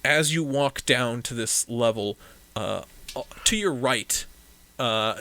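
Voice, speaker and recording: A man's voice: mid-range voice, pushed and bright. A man narrating as game master in a tabletop game, describing the scene with frequent fillers and restarts.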